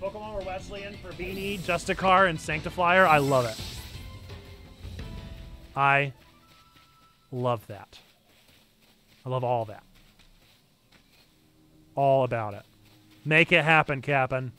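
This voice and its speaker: A man's voice: fairly high pitch, slow, long pauses, sharp tone, soft background music. A man with a North Carolina accent, chatting playfully with his viewers while streaming a game. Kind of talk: casual gameplay stream chat.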